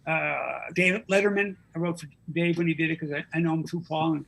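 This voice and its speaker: A man's voice: on the high side, fast talker, gravelly, fairly bright tone. A man guest on a talk show, a comedy writer telling a joke animatedly with character voices. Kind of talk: casual chat and joke telling.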